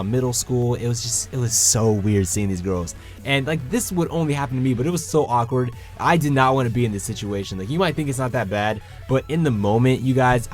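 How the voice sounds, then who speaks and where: A nineteen-year-old man casually telling a personal story to his viewers, acting out the quoted lines with lively energy. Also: medium pitch. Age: young adult. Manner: animated, acts out quoted lines.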